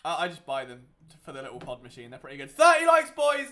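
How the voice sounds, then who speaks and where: A young man hosting a live watchalong, commenting on the game with exasperated, sarcastic asides that swing from loud outbursts to muttering. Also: mid-range voice, rapid-fire. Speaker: sports watchalong host.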